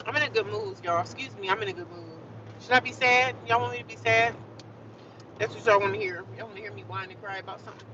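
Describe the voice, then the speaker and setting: A woman with an animated, fast, mid-range voice livestreams outdoors in the city, chatting casually and sassily with viewers and laughing often. The phone audio is dull and lo-fi, with loud street noise.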